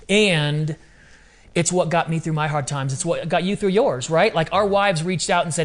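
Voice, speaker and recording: A man talking as a podcast guest in a casual interview, animated and repeating phrases for emphasis. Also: a little high, moderate pace.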